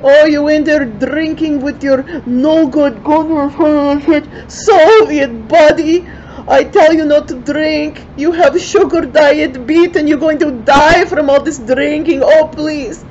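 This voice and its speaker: An older woman voicing a wife with a Ukrainian accent who wails and shouts in pretend worry. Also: sits high, takes it slowly, highs cut off, a little hiss or hum, pitched above the performer's own voice. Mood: fake wailing. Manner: wailing, shouting through a door. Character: shrill middle-aged woman wailing fake worry.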